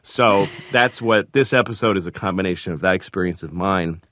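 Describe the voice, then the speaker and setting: A very low-voiced man tells stories in an interview, halting and self-deprecating. He acts out the quotes as he goes. The sound is dry and close. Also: fairly bright tone, no room sound. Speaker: comedian and sitcom creator. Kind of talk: interview storytelling.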